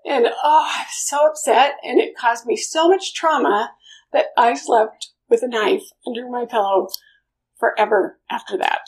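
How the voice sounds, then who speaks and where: A middle-aged woman telling a personal story in an emotional, storytelling manner. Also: unhurried. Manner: emotional storytelling, swings into loud high outbursts. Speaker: speaker sharing a personal story. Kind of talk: personal testimony talk.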